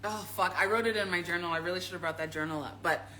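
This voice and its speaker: A woman talking casually as a spiritual teacher, emphatic and repetitive, swearing freely and swinging from loud to hushed and confiding. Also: fairly low pitch, fast, slight background noise. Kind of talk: casual live-stream talk.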